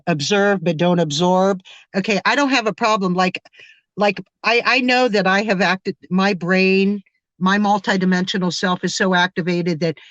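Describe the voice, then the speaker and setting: A woman's voice: fairly high pitch, fairly bright tone, no echo. Effusive woman on a dry, dull call. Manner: emotional, effusive, rambling. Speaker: guest. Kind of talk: casual chat.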